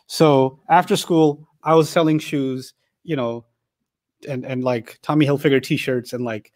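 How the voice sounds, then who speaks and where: A man's voice: mid-range voice, steady tone, measured pace, darkish tone, no room sound, studio quality. A middle-aged man giving a Quran lecture, telling stories in a humorous, conversational way. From Pakistan. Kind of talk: storytelling sermon lecture.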